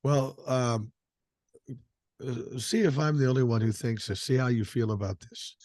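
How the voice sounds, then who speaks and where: An older man holding forth on a podcast, blunt and heavy on the swearing as he presses his points. His pitch sits in an ordinary middle range, and the sound is dry and close, with no room behind it. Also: normal speed, a little mellow, no echo. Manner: blunt and profane, emphatic. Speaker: podcast host. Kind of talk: casual political chat.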